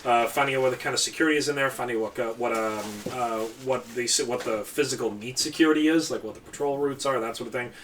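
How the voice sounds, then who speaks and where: A man's voice: medium pitch, quick pace, few pauses, a bit bright, far from the mic, a little hiss or hum. A man running a tabletop game as game master, explaining rules in rambling, self-correcting sentences.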